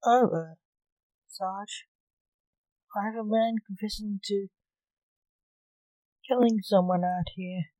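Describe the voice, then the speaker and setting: Woman voicing a flustered desk receptionist, slow, soft-toned. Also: mid-range voice, steady tone, no echo, close to an everyday voice, poor audio.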